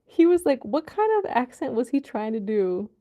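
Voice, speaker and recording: A woman's voice: on the high side, lively intonation, warm tone, highs cut off. A woman hosting a casual livestream, reading out comments, laughing often and drifting from topic to topic. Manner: slow, laughing, drifts between topics and jokey accents. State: wheezing at times. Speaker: livestream host.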